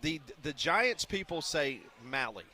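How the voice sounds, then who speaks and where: Bright-voiced man co-hosting sports radio. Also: a little high, sing-song, a little slow. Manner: chatty, reads out sports scores. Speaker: radio show co-host. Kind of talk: casual sports radio chat. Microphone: studio microphone.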